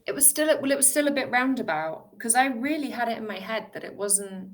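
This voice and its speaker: British actress guest, animated storyteller, voices her younger self. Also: on the high side, brisk, crowd noise. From United Kingdom. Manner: animated, laughing storyteller who acts out her past self. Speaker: actor and guest. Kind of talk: storytelling interview talk.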